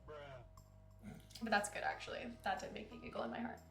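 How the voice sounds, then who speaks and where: A woman's voice: mid-range voice, lively intonation, brisk, vocal fry, fairly bright tone, echoey room, faint music behind. A young woman streamer chatting casually and giggling while she plays a game. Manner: chatty, giggly, reads game lines aloud. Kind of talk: casual chat while playing.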